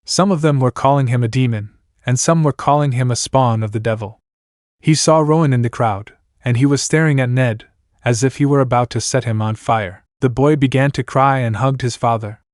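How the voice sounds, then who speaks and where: A man reading fan fiction aloud as a narrator in a plain, steady way. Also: medium pitch, moderate pace, no room sound, clean studio sound. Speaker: story reader.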